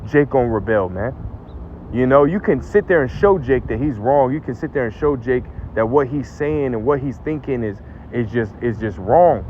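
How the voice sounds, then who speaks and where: A man preaches in a loose, conversational way, checking in with "right?" and "man" after almost every phrase and stammering repeats when he pushes a point. His voice sits at an ordinary middle pitch. The recording is dull and lo-fi, with faint traffic noise from outdoors behind him. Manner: casual, keeps adding "right?" and "man"; repeats words when emphatic. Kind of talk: informal religious commentary.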